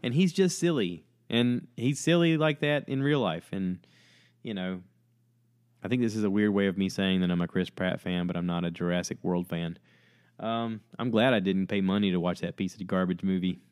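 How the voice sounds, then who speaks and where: A man's voice: low-pitched, moderate pace, darkish tone, dry recording, clean studio sound. A man talking on his own in a rambling, chatty way and acting out quotes as he retells stories. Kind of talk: casual monologue.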